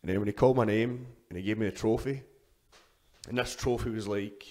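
A man's voice: on the low side, steady tone, brisk, darkish tone. A young adult man with a Scottish accent, telling stories as a guest in a casual interview, swearing freely and restarting his sentences. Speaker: guest, powerlifter.

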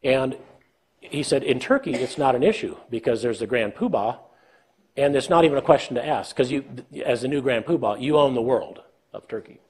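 An older man from the United States, his voice medium-pitched, expressive, darkish, and slightly rough, talks fairly quickly through a leadership lecture. He strings together self-mocking stories and plays out conversations with a laugh.

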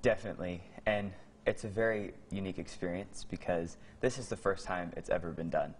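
A man's voice: sits low, a little fast, slight background noise. A young man, a student performer being interviewed, polite and answering with "yes ma'am". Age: teens to young adult.

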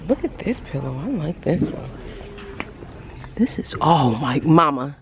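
A woman's voice: sits low, animated, a little slow, pauses often, a little mellow. A woman vlogger gushing over items while walking through a large store, often dropping into half-whispered asides. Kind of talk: casual shopping vlog. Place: inside a large retail store. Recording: noisy store ambience.

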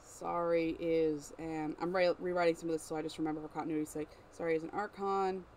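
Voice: medium pitch, flat delivery, fairly quick, a little mellow, slight background noise. Writer thinking aloud on a livestream. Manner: thinking aloud, self-correcting. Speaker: writer live-streaming story editing. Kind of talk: casual livestream chat.

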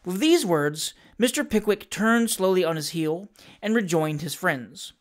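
A narrator reading a classic novel aloud, measured and expressive. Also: medium pitch.

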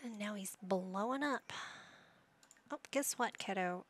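A woman's voice: medium pitch, moderate pace. A woman giving casual commentary while playing a life-simulation game, chatting to the characters and reading options aloud. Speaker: gaming YouTuber.

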